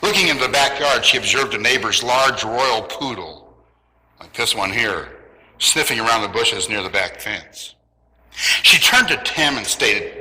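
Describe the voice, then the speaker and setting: A man's voice: medium pitch, expressive, measured pace, sharp tone, in a large hall, low-quality recording. A man preaching a sermon in a church, telling stories with a light, joking touch. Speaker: pastor. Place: church in Southern California.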